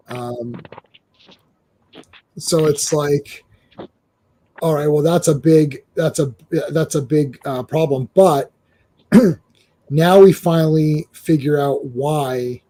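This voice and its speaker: A man hosting a casual comic book discussion, animated, with stammering restarts and acted-out quotes. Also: a little high. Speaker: comic book show host.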